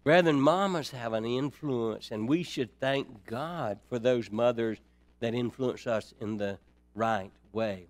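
A man preaching a sermon, folksy and dynamic, dropping to near-quiet then rising high and loud. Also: slow. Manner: dynamic, swings from soft to loud, folksy asides.

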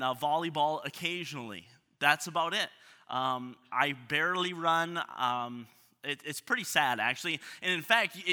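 A man's voice: fairly high pitch, pushed and bright. A man in his thirties preaching a sermon, talking in a self-deprecating, conversational way with frequent restarts. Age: 30s. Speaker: pastor. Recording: reverberant hall.

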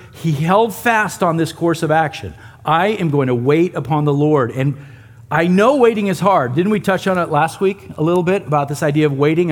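A man preaching a sermon and teaching a Bible passage in a conversational way, with asides to the congregation. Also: a little high. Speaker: pastor.

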